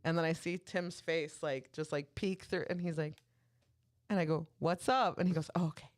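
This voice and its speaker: A woman with a slightly low voice chats casually on a podcast. She tells stories with energy and slips into the voices of the people in them. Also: normal speed. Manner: animated storyteller acting out family dialogue. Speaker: podcast co-host. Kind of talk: casual chat.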